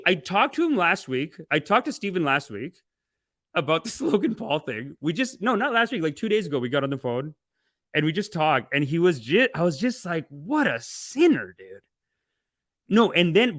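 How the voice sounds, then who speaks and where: A man hosting a casual livestream, reading donations and ranting, swinging between loud outbursts and muttered asides. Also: on the high side, no echo, studio quality. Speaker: livestream host.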